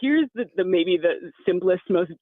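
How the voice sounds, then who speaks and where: A woman's voice: fairly low pitch, animated, normal speed, no room sound. A woman sports reporter on a radio show, chatty and self-deprecating as she makes her picks. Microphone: phone line. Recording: phone-like call-in line.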